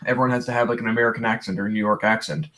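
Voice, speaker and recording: A man's voice: lowish voice, fairly even intonation, very fast, fairly bright tone. A young man from Canada hosting a livestream, chatting casually and rambling through viewer questions with many restarts, tired today. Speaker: livestream host.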